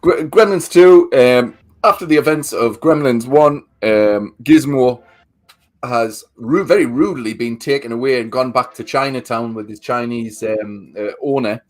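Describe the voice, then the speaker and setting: A man's voice: mid-range voice, measured pace, darkish tone. A man co-hosting a livestream, recapping a movie plot in a rambling, sweary way. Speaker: livestream co-host. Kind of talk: casual movie chat.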